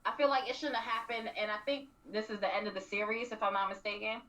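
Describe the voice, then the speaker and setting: A woman co-hosting a radio show, animatedly recapping a reality series and acting out quotes with frequent throat clearing. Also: mid-range voice, fairly even intonation, fast talker, a bit bright. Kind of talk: casual recap chat. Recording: distant, dull lo-fi radio mic.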